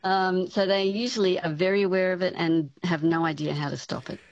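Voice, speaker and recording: A woman with a lowish voice, explaining patiently as an academic guest on a radio show, with plenty of "um" and "you know" as she works through her points. The sound is dry and a little dull, like a remote line. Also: steady tone, fairly quick, no echo. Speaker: speech pathology professor, guest expert. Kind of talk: radio interview answers.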